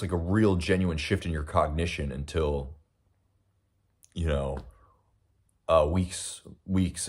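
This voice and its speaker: Eating breakfast on a casual livestream, a young man from the United States reads viewer comments and responds in a reflective, rambling way packed with fillers. His voice is low, darkish and husky.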